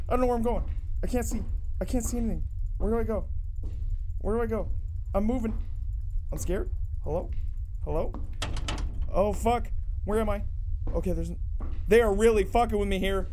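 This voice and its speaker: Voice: medium pitch, moderate pace, pauses often. Scared horror game streamer, swearing, self-soothing mutters, game noise behind, noisy mix. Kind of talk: live horror game commentary.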